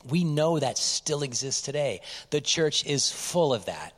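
A male pastor giving a lively, conversational sermon, often dropping to quiet asides. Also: on the high side, a little slow, hardly any pauses, big-room sound.

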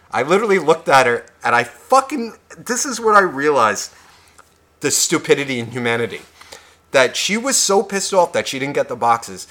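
A man co-hosting a casual podcast, spinning a long profane story. His voice is bright and forceful, and he slips in and out of quoted characters as he goes. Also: mid-range voice, moderate pace. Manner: animated, swears constantly, acts out other people's lines. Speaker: podcast co-host.

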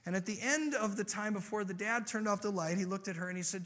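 A male preacher delivers a sermon as an animated storyteller. His voice is high and bright, dropping soft and low for tender moments and rising with force for emphasis. He speaks directly to the congregation. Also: fairly quick, few pauses.

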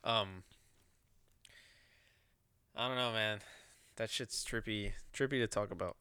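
A man's voice: on the low side, slow, bright, forceful tone, clean tone, dry recording, clean studio sound. A man co-hosting a podcast, swearing freely as he speculates in loose casual chat.

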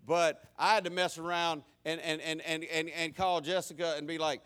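A man's voice: on the high side, little pitch movement, normal speed, few pauses, bright, forceful tone, clean tone. A man preaching a folksy, humorous sermon, stumbling through many stammered restarts.

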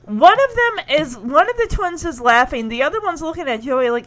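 A woman's voice: high voice, expressive, moderate pace, a bit bright. Chatty, giggly woman recapping episodes. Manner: chatty, giggly, acts out the lines.

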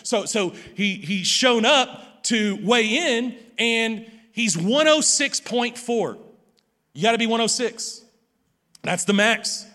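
A middle-aged man, a pastor preaching a sermon. He tells a personal story with many repeated words and restarts, moving between hushed and loud passages. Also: very high voice, animated, slow pace. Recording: long hall reverb.

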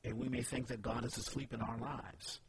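Earnest male host, mid pitch, personal and emphatic; steady background noise. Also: a little fast. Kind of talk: casual faith discussion. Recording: noisy background ambience.

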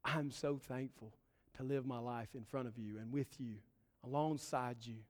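In a church sanctuary, a man with a mid-range voice preaches as pastor at normal speed with fairly even intonation. He is earnest, building his points in short emphatic phrases, and the hall's long reverb trails his words.

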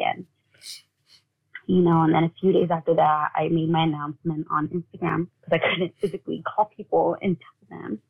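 A woman telling a personal story as an interview guest, in a halting way with many fillers, often acting out what family members said. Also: deep voice, fairly even intonation, gravelly, breathy edge. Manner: halting, full of "like", acts out quoted family talk. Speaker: guest, bereaved mother. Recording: tinny phone-like audio.

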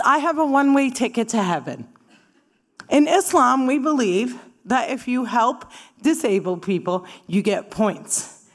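A woman from Palestine doing stand-up comedy, punchy and sarcastic, rising to emphatic bursts. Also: sits high. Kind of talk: stand-up talk with audience.

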